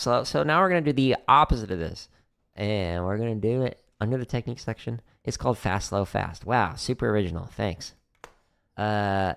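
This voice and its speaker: His voice is lowish and gravelly. He's a drum teacher hosting a laid-back livestream Q&A from his home studio, breaking down rudiments between practice runs, humming patterns, and laughing often in a relaxed way.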